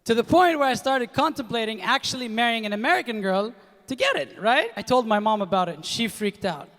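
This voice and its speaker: A young man from Kuwait performing a stand-up comedy set, animated and acting out the voices of people in his stories. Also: very high-pitched, brisk. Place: comedy stage in a large hall with a live audience. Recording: live hall reverb.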